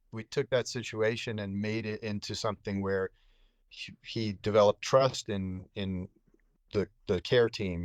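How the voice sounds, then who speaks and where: A man's voice: lowish voice, dry recording. A man, a psychiatric nurse, telling a story as a podcast guest in a laid-back, slangy way with lots of fillers. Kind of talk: casual storytelling.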